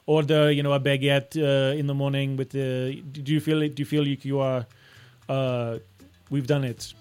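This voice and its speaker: A man's voice: mid-range voice, level tone, normal speed, darkish tone, clear, resonant tone, soft background music. A man co-hosting a live stream in joking banter, playing a hammy mock-French persona with stiff, formal phrasing. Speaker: stream co-host.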